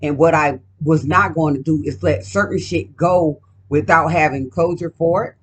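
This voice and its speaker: A woman's voice: sits low, moderate pace, breathy edge. A woman doing a casual card reading at home, talking in a profane, emphatic, rambling way. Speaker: card reader.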